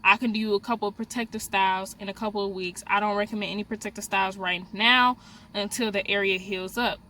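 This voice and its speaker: A young woman vlogger telling a story in a casual, animated way, speaking straight to her viewers. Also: medium pitch, fast, a little hiss or hum. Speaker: beauty vlogger. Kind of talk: storytime vlog, casual chat.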